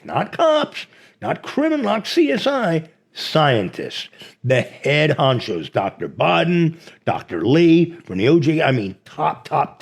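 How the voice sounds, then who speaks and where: A man's voice: mid-range voice, breathy edge. A man, a lawyer, talking in a casual chat with heavy emphasis. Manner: emphatic, stresses words. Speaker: guest, lawyer. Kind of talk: casual talk.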